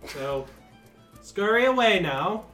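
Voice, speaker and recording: A man's voice: high-pitched, sing-song, slow pace, fairly bright tone, pitched above the performer's own voice, full character voice. A man doing a snobbish elf gatekeeper. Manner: condescending, shooing. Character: snobbish male elf, dirt-covered and dismissive. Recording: echoey room, faint music.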